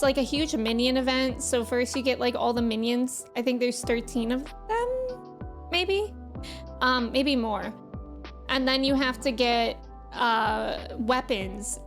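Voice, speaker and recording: A high-pitched woman talks casually on a live stream, greeting viewers one by one. Her talk rambles with plenty of fillers and restarts. Soft game music plays faintly underneath.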